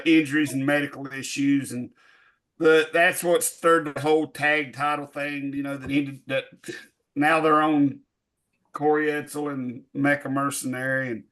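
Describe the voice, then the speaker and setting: Bright, forceful man, slightly high, halting co-host with lots of fillers. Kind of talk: casual chat.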